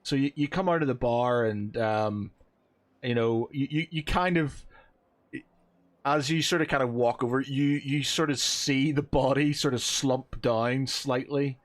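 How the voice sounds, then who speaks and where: A man's voice: medium pitch, measured pace. A man narrating as game master of a tabletop game, loose and meandering.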